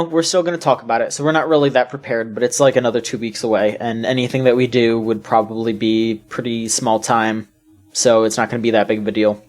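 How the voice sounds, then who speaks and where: A woman co-hosting a casual video game podcast, rambling with lots of fillers and restarts. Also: rumbling low. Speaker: podcast co-host.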